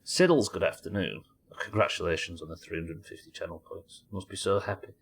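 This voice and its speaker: A man's voice: low voice, a little fast, husky. A British man commenting on a horror game as he plays it live, musing aloud, reading notes and chatting with viewers. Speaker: streamer.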